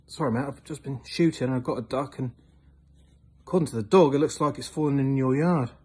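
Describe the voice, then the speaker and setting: A man doing a husky, easygoing hunter. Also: medium pitch, a little fast, a little mellow, close to an everyday voice. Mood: apologetic. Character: easygoing male hunter, out all day.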